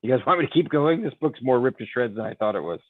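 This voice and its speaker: A man's voice: medium pitch, lively intonation, fast, slight background noise. A man co-hosting a podcast, reading a novel aloud and breaking off with apologetic, self-correcting asides. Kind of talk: casual reading and chat. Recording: tinny phone-like line, dry.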